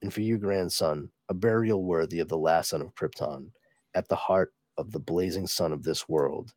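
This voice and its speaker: Guy putting on a remorseful old alien king from a comic, slow and solemn, low voice. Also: darkish tone, no echo, lightly acted. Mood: solemn regret. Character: grave ancient male alien ruler, remorseful.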